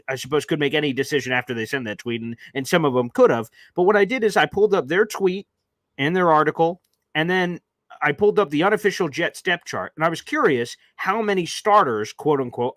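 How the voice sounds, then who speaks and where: Animated sports podcast host, dry sound. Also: male voice, on the high side, no room sound. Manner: animated, joking, reads out member names. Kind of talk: live sports podcast chat.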